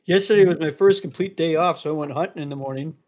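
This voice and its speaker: Hesitant storytelling man, higher voice. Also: fast talker, highs cut off. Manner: storytelling, hesitant with many ums. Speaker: podcast co-host. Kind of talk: casual chat.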